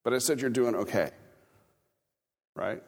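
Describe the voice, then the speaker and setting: An unhurried man with a medium-pitched, darkish voice is a pastor from Kansas. Preaching in a church sanctuary, he keeps his sermon conversational with chuckling asides and questions to the congregation, captured in a reverberant hall.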